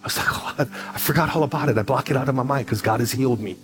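A man in his forties preaching a sermon as pastor, telling a personal story with quick asides and repeated phrases. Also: mid-range voice, music in the background.

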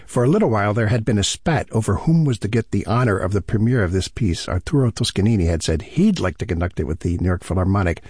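Husky-voiced male radio host, dry sound. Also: fairly low pitch, fast talker, few pauses, no echo. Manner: relaxed and chatty, explaining music history. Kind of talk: conversational radio presenting.

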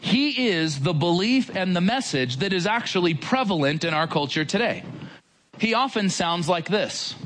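An earnest male preacher teaches scripture in a conversational way, talking straight to his listeners. His fairly high voice swings widely in pitch as he stresses each point. Faint background noise sits beneath the recording. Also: animated, moderate pace, fairly bright tone. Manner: earnest, conversational, emphatic, addresses listeners directly. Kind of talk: sermon-style Bible teaching.

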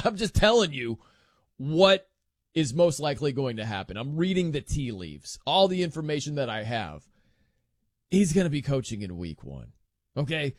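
A man's voice: a little high, no echo, clean studio sound. A man hosting a casual sports talk show, rambling and jokey.

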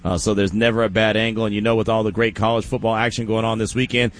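Animated, joking sports radio host man. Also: mid-range voice, fast talker, no room sound. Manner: animated, joking, breaks into laughter. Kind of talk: casual sports talk.

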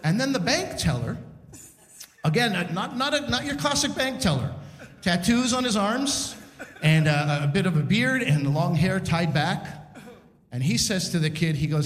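A man doing stand-up storytelling on a community center stage, animated and acting out scenes. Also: sits high, moderate pace, pauses often. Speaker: stand-up comedian. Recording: echoey hall reverb.

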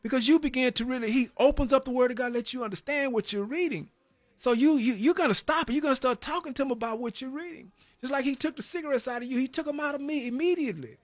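A man's voice: very high voice, fast, no room sound. A man giving an earnest, emphatic personal faith testimony about his time in prison, often tagging phrases with "man" and repeating words as he gets stirred. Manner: repeats words when stirred, preacher-like cadence.

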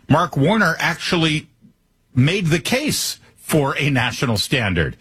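Husky-voiced male political talk host. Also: medium pitch, sing-song, normal speed, fairly bright tone. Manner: pundit delivery with sarcastic asides. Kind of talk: political talk show monologue.

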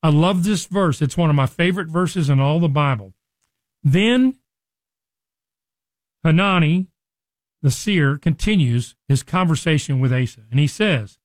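A man's voice: a little high, lively intonation, normal speed, no echo. A man teaching a Bible lesson in a conversational sermon style, often restarting and acting out quoted speech.

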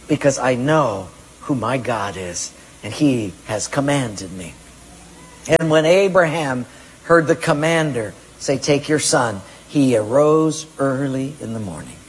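A pastor preaching a sermon, emphatic, acting out people's excuses in a raised voice. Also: male voice, a little high, husky, in a large hall, poor audio.

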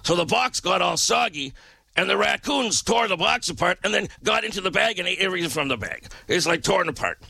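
High, gravelly-voiced male radio DJ. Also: expressive, fairly quick, sharp tone, no echo. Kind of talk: casual radio talk. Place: radio studio.

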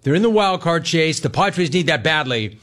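Excitable sports radio host, higher voice. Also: male voice, moderate pace. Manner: animated, mocking, laughing commentary.

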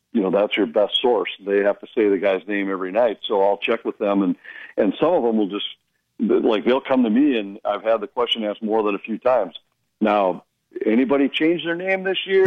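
A man who works as a hockey broadcaster, telling stories in casual radio chat with an animated, amused manner. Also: on the low side, no room sound, phone-quality sound.

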